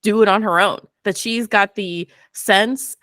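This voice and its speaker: A woman hosting a book club podcast in casual, relaxed chat with plenty of fillers. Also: mid-range voice, measured pace, no echo. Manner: relaxed, chatty, full of fillers. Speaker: podcast host.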